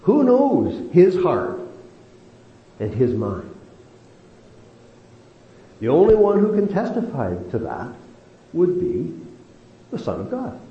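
A man leads a Bible study, his pitch rising and falling in a lively, animated way. He talks slowly and deliberately, drawing out key phrases. The sound is roomy and a little dull, with faint hiss behind him. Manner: lively, animated delivery with slow emphatic stretches. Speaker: Bible teacher.

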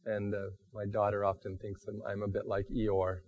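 Halting, thoughtful male preacher. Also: lowish voice, completely flat delivery, a little mellow. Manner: halting, thoughtful, self-deprecating. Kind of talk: sermon. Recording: dull lo-fi recording.

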